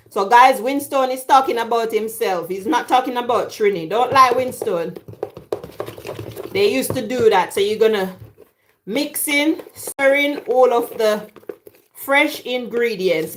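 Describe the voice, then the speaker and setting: Woman vlogger, a touch high, unhurried, joking her live viewers while she cooks. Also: a little hiss or hum. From London. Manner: teasing banter with viewers. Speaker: cooking vlogger. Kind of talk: chatty live cooking stream. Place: home kitchen. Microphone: camera on a tripod.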